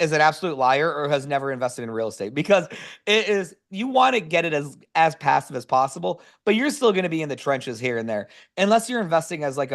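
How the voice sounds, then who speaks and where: A man presents over a video call in a loose, energetic storytelling style. He leans on fillers and restarts as he rambles through his points. His voice sits a little on the higher side. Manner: energetic, filler-heavy, says "like" constantly. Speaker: real estate investor presenting a webinar.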